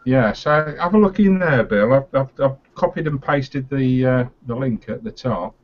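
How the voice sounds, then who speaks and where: A man's voice: mid-range voice, animated, moderate pace. Easygoing man on a dull video call. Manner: matter-of-fact, helps others with the call setup. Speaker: panelist on a home-brewing online hangout. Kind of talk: casual chat on a group video call.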